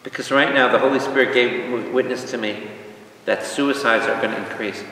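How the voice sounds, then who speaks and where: An energetic priest teaches a Bible study, peppering his listeners with questions and wry jokes. His voice is bright and forceful, caught from a distance in a large, reverberant hall with a faint hum underneath. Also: mid-range voice, a little fast. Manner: energetic, quizzes the audience, jokes.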